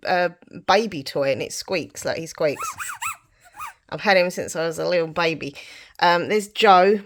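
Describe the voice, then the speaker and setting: Chatty woman with a nasal voice. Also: fairly low pitch. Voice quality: nasal from hay fever. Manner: chatty, rambling, giggly. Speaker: vlogger. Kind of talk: casual home vlog chat. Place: home.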